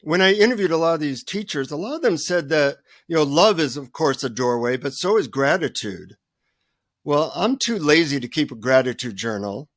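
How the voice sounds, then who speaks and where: An older man with a somewhat high speaking voice, telling a story as a guest author on a radio show. He is animated and self-deprecating, with a comic storyteller's timing. The sound is dry and close. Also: normal speed, dry recording.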